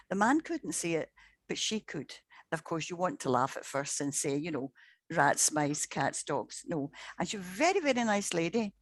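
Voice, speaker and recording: A woman's voice: mid-range voice, no echo. A woman, a paranormal investigator, telling case stories in a chatty way, often repeating words and acting out what people said. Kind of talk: anecdotal storytelling in conversation.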